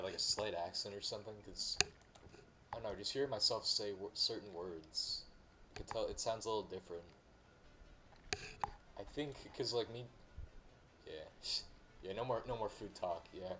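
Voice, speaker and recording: A young man chatting casually while streaming a game, rambling with many fillers and restarts. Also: lowish voice. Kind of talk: casual gameplay chat.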